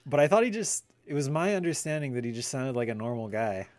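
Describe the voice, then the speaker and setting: A young man talks casually while playing a game live, laughing often and rambling. His pitch swings widely as he chats. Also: very animated, quick pace, darkish tone. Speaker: streamer. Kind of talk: casual live gameplay chat.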